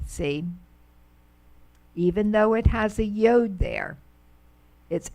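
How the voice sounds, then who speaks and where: A middle-aged woman teaches a Hebrew class at a very slow, unhurried pace. Her lowish voice carries a gravelly, creaky edge. She stretches out each word she demonstrates, patiently and carefully. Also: expressive, mellow. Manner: patient, drawn-out pronunciation of words.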